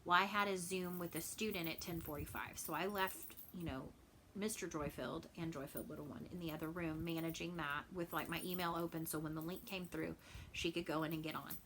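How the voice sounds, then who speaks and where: Bright-voiced chatty woman from Texas. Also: low voice, fairly even intonation, fairly quick, slight background noise, low-quality recording. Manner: chatty, rambling, many fillers and repeats. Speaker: cross stitch vlogger. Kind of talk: casual chat.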